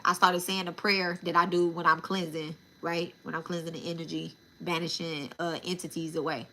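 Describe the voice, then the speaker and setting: A woman's voice: fairly low pitch, little pitch movement, moderate pace, hardly any pauses, pushed and bright. A woman telling a story casually and animatedly, with a lot of profanity and asides to her viewers as y'all. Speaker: spiritual channel host.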